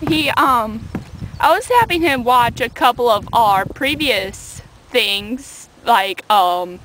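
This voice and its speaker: A woman's voice: a little high, lively intonation, takes it slowly, background noise. A young woman vlogging outdoors from a small boat on a lake, talking through a rambling, chatty rant into a handheld camera. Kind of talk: casual video rant.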